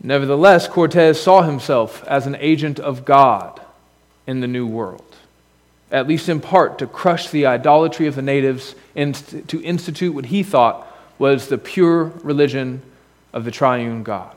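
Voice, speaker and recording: A man's voice: mid-range voice, a little slow, long reverb tail. A man preaching a sermon in a church as pastor, conversational, with asides and rhetorical questions. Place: church sanctuary.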